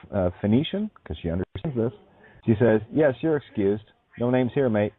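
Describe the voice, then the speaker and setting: A man's voice: on the low side, dry recording. A man telling a long story in a meandering way, with many fillers and restarts. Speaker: online speaker. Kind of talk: rambling spoken storytelling. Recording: dry, tinny phone-like sound.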